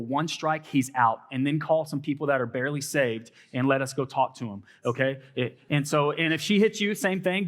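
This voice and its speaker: A man with a Texan accent hosting a church panel, talking earnestly and rambling with fillers. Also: a little high. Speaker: panel host, college minister. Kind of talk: casual panel talk.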